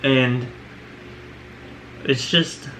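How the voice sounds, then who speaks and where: A man's voice: medium pitch, steady tone, extremely slow, a bit bright, a little hiss or hum, poor audio. A man talking earnestly in a personal vlog, leaning on "you know" and "right?" as he reflects. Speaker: vlogger.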